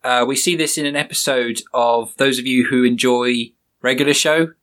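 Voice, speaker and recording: A man's voice: medium pitch, fairly even intonation, normal speed, a bit bright. A man hosting a podcast, giving a loose, rambling talk on writing with many "sort of"s. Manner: chatty, rambling, hedges with "sort of". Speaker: podcast host and author. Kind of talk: informal talk on creative writing.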